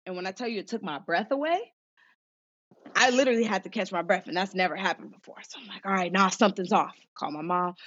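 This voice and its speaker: A woman's voice: mid-range voice, fast, a bit bright. A young woman from Southern California, a former pro basketball player, telling her story in a casual interview, acting out quoted voices between many fillers. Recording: dull lo-fi sound.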